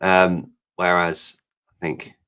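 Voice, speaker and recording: A man's voice: sits low, level tone, slow pace, bright, forceful tone, clean tone. A man co-hosting a live podcast, rambling, jokey and swearing freely in casual chat. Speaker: podcast co-host.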